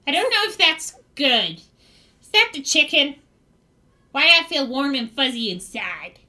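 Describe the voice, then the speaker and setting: Woman doing a dazed little goblin, dreamy and halting. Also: sits high, sing-song, sharp tone, exaggerated voice.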